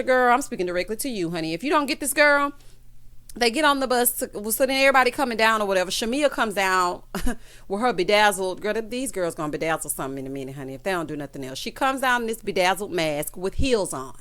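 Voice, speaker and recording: A woman's voice: mid-range voice, quick pace. A woman hosting a casual TV recap, sassy and dramatic, calling her viewers honey and child as she tells the story. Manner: lively storyteller, acts out quotes. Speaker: show recap host.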